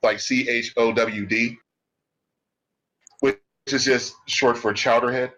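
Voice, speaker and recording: A man's voice: medium pitch, flat delivery, slow, sharp tone. A man playing a tabletop game, explaining in casual chat. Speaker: player.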